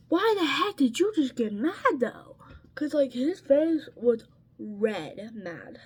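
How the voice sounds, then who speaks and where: A woman's voice: high voice, sing-song, slow, darkish tone, husky. A woman vlogger telling a story in a casual chat while getting ready, full of "like" and "um" and sounding exasperated. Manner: chatty, peppered with "like" and "um".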